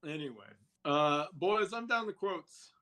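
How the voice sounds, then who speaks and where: A man co-hosting a casual movie podcast. His voice sits a little high, and he acts out quotes with sudden jumps in pitch. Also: lively intonation, unhurried, bright, forceful tone. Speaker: podcast co-host.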